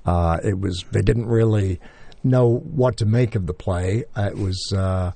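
A man's voice: on the low side, a little slow, creaky, dark tone, dry recording. An older man, an actor, telling stories in a casual interview, rambling with many restarts and fillers. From England. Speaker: actor guest.

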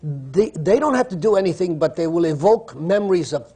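A man with a husky, slightly raised voice tells theatre stories on a discussion panel. He stumbles and restarts now and then and is clearly amused by his own tales. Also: fairly high pitch, expressive, a little fast, mellow. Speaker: stage actor. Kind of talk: telling an anecdote on a panel.

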